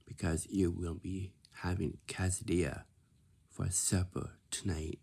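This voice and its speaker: A man's voice: deep voice, level tone, measured pace, vocal fry, mellow, slightly rough. A man giving a repetitive, lecturing instructional talk, often checking in with "right?".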